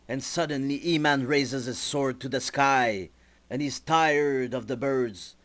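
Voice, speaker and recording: A young male student narrates his storyboard at an unhurried pace. His voice sits at an ordinary pitch, and he tells the story deliberately, stumbling now and then on a word. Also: fairly bright tone. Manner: slow, deliberate storytelling with small slips. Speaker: student presenter.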